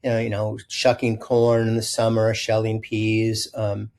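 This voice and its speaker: A man's voice: lowish voice, unhurried. An older man from Illinois, a chef being interviewed, telling rambling childhood stories with many restarts and quoted voices. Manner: rambling, self-correcting anecdotes with animated quoted voices. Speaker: chef guest. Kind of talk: storytelling interview.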